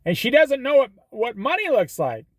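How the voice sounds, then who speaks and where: A middle-aged man with a high, lively voice gives folksy, preachy advice and tells stories. The sound is dry and close, with no room around it. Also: normal speed, no echo. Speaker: host. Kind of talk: casual monologue.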